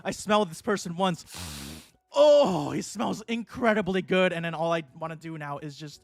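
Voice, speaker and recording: A young adult man streams a game in casual, excitable commentary, swearing and laughing often. His voice sits high. The sound is dry and close, with faint music in the background. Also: a little fast, gravelly, no echo.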